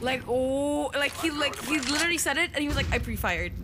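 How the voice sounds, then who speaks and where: A woman's voice: high-pitched, fairly even intonation, brisk, heavy background noise. A woman streamer chatting casually and crudely during a gaming stream, breaking into shrieking laughs.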